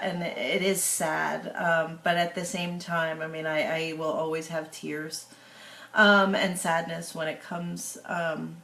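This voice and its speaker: Slow, halting woman in an echoey room. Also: on the low side, vocal fry, a bit bright. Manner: slow, halting, with many fillers. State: tearful. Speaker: author. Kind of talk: casual video update to followers.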